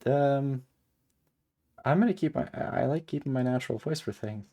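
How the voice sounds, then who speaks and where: A man streaming a visual novel, reading its narration aloud between animated, exasperated asides. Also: mid-range voice, normal speed, pauses often.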